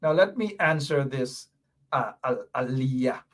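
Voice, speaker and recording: A man's voice: on the high side, animated, measured pace. A man hosting a political commentary show, emphatic and repetitive, with a mocking edge. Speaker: show host.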